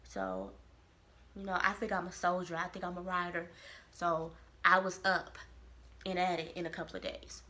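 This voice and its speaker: A woman from Kansas City, telling a personal story to camera in a lively, expressive way. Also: on the low side, normal speed. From Kansas City, Missouri. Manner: animated, expressive storytelling with quoted voices. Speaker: vlogger. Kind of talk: casual storytelling.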